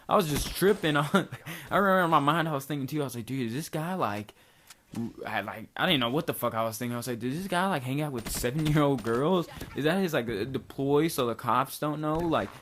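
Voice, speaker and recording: A man's voice: medium pitch, fairly bright tone, slight background noise. A young man from Kentucky casually telling a long rambling story, full of slang and filler words. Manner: rambling, loose slang, lots of likes and dudes. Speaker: vlogger.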